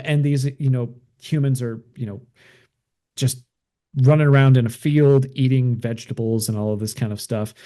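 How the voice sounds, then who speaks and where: A man's voice: medium pitch, mellow. A man hosting a show, casually retelling a film plot in a rambling way with lots of fillers. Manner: rambling, heavy use of fillers. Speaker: podcast host. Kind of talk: casual movie recap.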